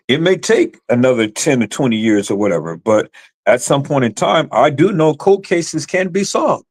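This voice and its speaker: Impassioned man ranting on a live stream. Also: mid-range voice. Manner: impassioned, repetitive, addresses viewers as "peoples".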